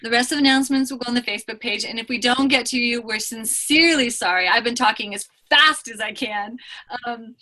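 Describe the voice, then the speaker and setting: A woman business coach hosting a live training call, talking fast and emphatically with effusive enthusiasm. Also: on the high side, pushed and bright.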